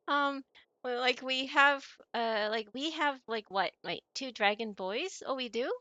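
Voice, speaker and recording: A woman's voice: high-pitched, measured pace, bright, forceful tone, dry recording, highs cut off, faint music behind. A woman streamer chatting casually with her viewers while she plays a game, giggling often and answering messages from chat.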